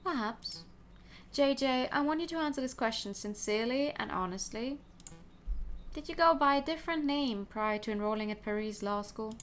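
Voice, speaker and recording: A woman's voice: on the high side, expressive, normal speed, slight background noise, natural voice. A woman doing a smug bird prosecutor.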